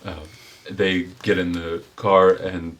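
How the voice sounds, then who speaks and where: Low-voiced guy running a tabletop game, relaxed, lots of ums. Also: takes it slowly. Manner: laid-back, rambling with many fillers. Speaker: game master.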